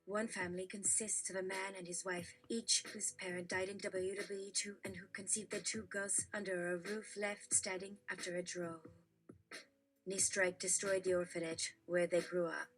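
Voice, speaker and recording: A woman reading jokes aloud in a brisk, matter-of-fact narrating manner. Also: medium pitch, level tone, a bit bright. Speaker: joke reader.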